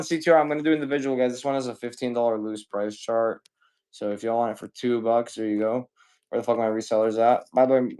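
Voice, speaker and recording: A man's voice: mid-range voice, a little mellow. A man hosting a live stream that sells video games, chatting casually and cursing freely as he greets viewers one after another. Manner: loose and profane, greets viewers rapid-fire. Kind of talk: casual live-selling chat.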